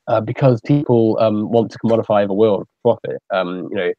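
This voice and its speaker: A man's voice: fairly low pitch, fairly quick, dry recording. A British man hosts a loose voice chat, circling his points with lots of ums and restarts. He sounds muffled and close, with no room sound around him. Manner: rambling, many fillers and restarts. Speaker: stream host. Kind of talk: casual group voice chat. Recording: dull, dry voice-chat audio.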